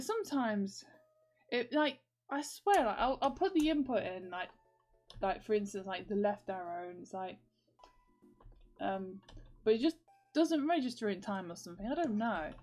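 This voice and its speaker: A woman's voice: medium pitch, expressive, moderate pace, long pauses, a little mellow, faint music behind. A young woman vlogging in casual, rambling chat, full of fillers and giggles.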